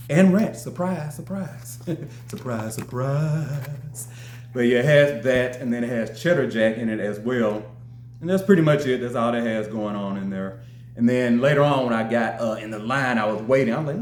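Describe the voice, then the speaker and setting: A man reviewing fast food in a casual vlog, joking, laughing often and acting out his own lines. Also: medium pitch. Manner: animated, joking, quick to laugh. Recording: roomy echo.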